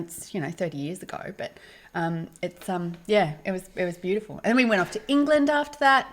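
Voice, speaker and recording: A woman in her fifties co-hosting a chat show, telling stories from her youth in a casual, animated way with frequent laughs. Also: medium pitch. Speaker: podcast co-host.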